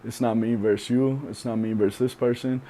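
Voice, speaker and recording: A young man being interviewed on a podcast, speaking candidly and reflectively, with many pauses and fillers. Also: mid-range voice, steady tone, warm tone, slight background noise. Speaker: podcast guest.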